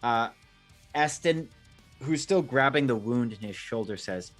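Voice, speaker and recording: A man's voice: medium pitch, animated, a little slow, soft background music. A man narrating as game master in an easygoing way, with lots of fillers.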